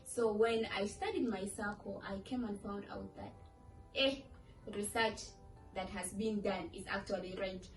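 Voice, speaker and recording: A woman's voice: medium pitch, fairly even intonation, a little slow. Young woman, chatty vlogger, playful, distant mic, echoey room. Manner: chatty, playful, acts out quoted voices. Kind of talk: casual talk to camera. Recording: echoey room from far off with faint music.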